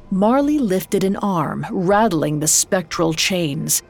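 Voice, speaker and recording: A woman narrating a scripted story in a measured storytelling manner. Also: lowish voice, lively intonation, creaky. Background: faint music.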